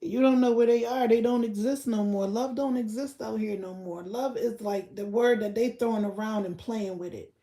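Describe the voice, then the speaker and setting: A woman's voice: on the high side, normal speed, few pauses, warm tone, echoey room. A woman hosting a casual livestream rant in a blunt, profane way, talking straight to her chat viewers. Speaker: livestream host.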